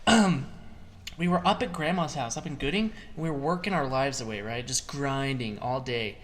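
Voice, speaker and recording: A man's voice: mid-range voice, normal speed, fairly bright tone, slight background noise. A young man co-hosting a podcast, joking and reacting in casual chat. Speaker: podcast co-host.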